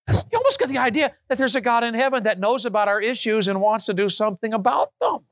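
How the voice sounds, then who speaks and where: Animated preacher, dry close sound. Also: male voice, fast, no echo. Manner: animated, swings from loud high exclamations to low quiet stretches; rhetorical questions to the congregation. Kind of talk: sermon.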